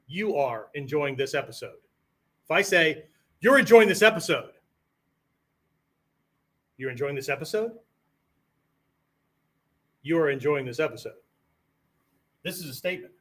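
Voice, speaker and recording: A man's voice: high voice, fairly bright tone. A male martial arts instructor giving a lecture-style lesson. He keeps checking in with "right?" and "okay?" and sometimes acts out tones of voice. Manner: conversational, peppers sentences with "right?" and "okay?"; demonstrates tones of voice on quoted phrases.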